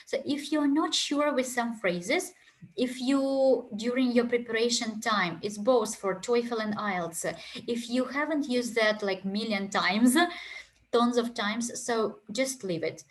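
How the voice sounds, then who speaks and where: A woman with a Ukrainian accent leads an online English exam prep class. She talks in a chatty way, full of fillers and asides, at an everyday middle pitch. She speaks into a headset mic. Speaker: English test prep teacher.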